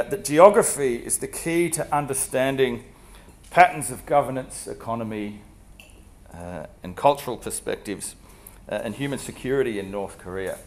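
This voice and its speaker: A man with a husky voice from a cold, giving an academic seminar talk in a measured way with frequent fillers. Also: medium pitch. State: has a cold, coughing. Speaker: guest lecturer.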